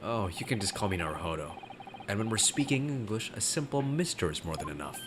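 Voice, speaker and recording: A man reading game dialogue as an earnest young Japanese law student, polite and measured. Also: on the low side, very animated, background noise. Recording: music playing behind.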